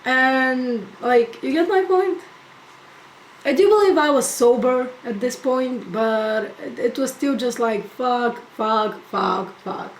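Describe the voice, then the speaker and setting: Young woman vlogger, profane exasperated rant, high-ish voice, echoey room. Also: slow pace, slight background noise. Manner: profane, exasperated, animated ranting. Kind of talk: casual storytime rant.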